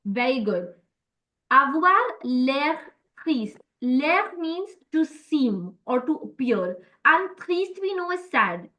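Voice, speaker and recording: A woman's voice: sits high, sing-song, slow pace, few pauses, a bit bright, highs cut off. A woman teaching French in an online class, explaining step by step with many fillers and lots of encouragement.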